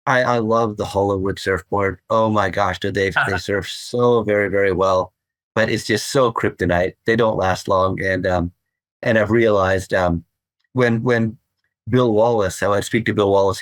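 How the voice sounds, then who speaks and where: A man's voice: lowish voice, no echo. An older man, a surfboard craftsman, talking as a guest in a podcast interview, enthusiastic and rambling, often repeating words.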